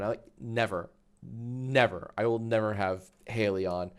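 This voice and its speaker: A man's voice: lowish voice, a little slow, clear, resonant tone. Rambling, profane male streamer. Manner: rambling and profane, reads chat aloud. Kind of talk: casual live-stream chat.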